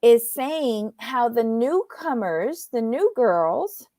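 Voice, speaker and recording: Woman, sarcastic recap host, slow delivery, slightly high pitch. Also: very animated, dark tone, no room sound, clean studio sound. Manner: unhurried, sarcastic commentary. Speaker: podcast co-host. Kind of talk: casual chat.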